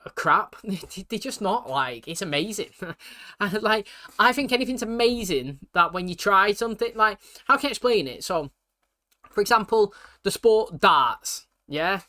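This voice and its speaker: A British man talking fast and casually, full of slang and fillers, reacting to a TV episode for his channel. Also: sits high, lively intonation, sharp tone.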